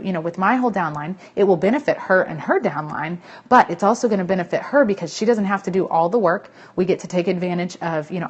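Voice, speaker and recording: A woman's voice: mid-range voice, a little mellow, lo-fi sound. Woman live-streaming to her team, chatty and emphatic, full of fillers. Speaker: network marketing team leader. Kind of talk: casual live-stream chat to viewers.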